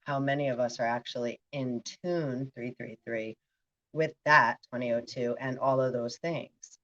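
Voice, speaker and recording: A woman's voice: very deep voice, steady tone, normal speed, dull audio. A woman giving a rambling spiritual monologue, talking in a stream of consciousness and often checking in with "right". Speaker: spiritual vlogger.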